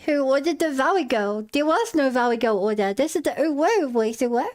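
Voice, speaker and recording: Brief: a woman doing a sugary uwu-voice girl, high and mock-sweet, who ends every line with "uwu". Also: expressive, fairly quick, darkish tone. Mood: sugary mock-cute. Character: exaggerated cutesy uwu-talking young woman. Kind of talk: playful put-on voice on a live stream.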